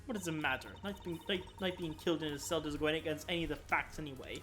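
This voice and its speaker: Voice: medium pitch, quick pace, lightly acted. A streamer voicing a flirty, condescending female prison warden from a video game, talking down to everyone with darlings and sweeties, with faint music underneath. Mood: sugary, dismissive. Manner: sugary, patronizing, calls others darling and sweetie. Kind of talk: reading a video game's dialogue aloud on stream.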